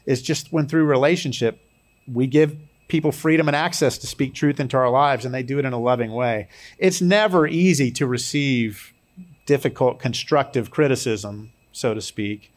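A man's voice: medium pitch, normal speed. A man preaching a sermon in a conversational way, mixing scripture with personal stories and light humor. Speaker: pastor.

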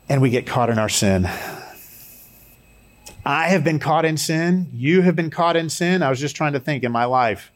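Man preaching a conversational sermon. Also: mid-range voice. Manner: conversational preaching with personal stories and humor. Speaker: pastor.

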